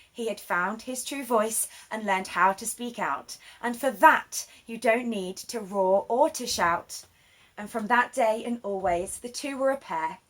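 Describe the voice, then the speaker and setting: Slow, expressive woman reading a storybook. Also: fairly high pitch. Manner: expressive, sing-song rhyming delivery. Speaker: children's story reader. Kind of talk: rhyming storybook read-aloud.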